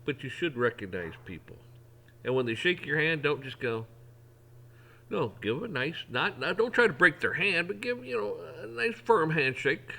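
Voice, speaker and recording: A man's voice: a little high, very animated, normal speed, vocal fry, bright, forceful tone. Folksy middle-aged man rambling. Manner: rambling, folksy, with frequent restarts. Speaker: vlogger. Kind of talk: casual opinion monologue.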